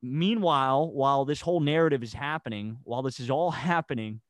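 A man's voice: mid-range voice, a little fast, dry recording. Agitated rambling man. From United States. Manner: agitated and rambling, with stammered restarts. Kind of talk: casual chat, heated rant.

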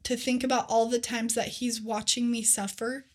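A young woman co-hosting a faith podcast, telling scripture stories in an earnest, animated casual way with lots of "like.". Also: fairly high pitch, normal speed. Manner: earnest, animated storytelling with many "like"s. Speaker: podcast co-host.

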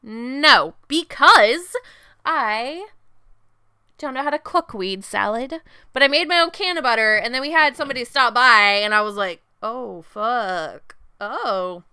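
A young adult woman co-hosting a casual podcast, her voice very bright and crisp in a dry, close sound. She swears freely and acts out other people's lines as she tells her stories. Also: high-pitched, normal speed, dry recording. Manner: profane, animated storytelling with quoted voices. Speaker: podcast co-host. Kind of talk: casual chat.

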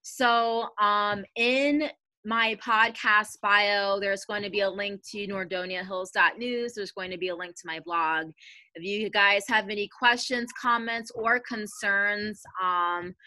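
A young woman from hosting a podcast in a casual, chatty way, her voice raspy from allergies and full of fillers. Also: mid-range voice, steady tone, takes it slowly, sharp tone, no echo. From Ohio, USA. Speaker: podcast host. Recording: dry with faint background music.

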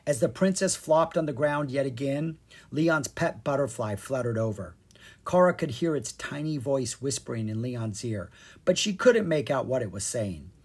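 A narrator reading a children's fairy-tale chapter book with expressive, animated storytelling. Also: mid-range voice, normal speed, husky. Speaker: audiobook narrator.

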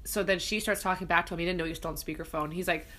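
A woman in casual conversation, telling personal stories in an animated way and acting out what people said. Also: fairly low pitch, racing, slight background noise. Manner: animated, acts out quoted lines while storytelling. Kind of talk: casual storytelling.

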